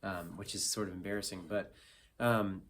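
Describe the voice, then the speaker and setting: A man teaching acoustic guitar in a relaxed, self-deprecating way, counting beats aloud and filling pauses with ums. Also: deep voice, slight background noise. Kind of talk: casual instructional talk. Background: acoustic guitar playing.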